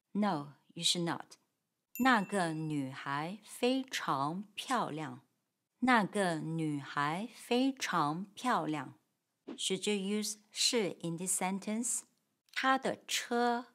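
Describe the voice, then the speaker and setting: A woman teaching Mandarin grammar, explaining patiently and clearly with model sentences. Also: mid-range voice, fairly bright tone. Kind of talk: grammar lesson.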